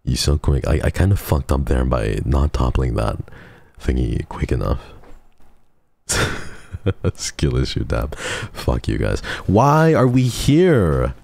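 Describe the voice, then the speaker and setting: At a moderate pace, this game streamer chats casually with viewers, swearing freely and joking around. His voice is extremely deep and gravelly, with a dark, mellow tone.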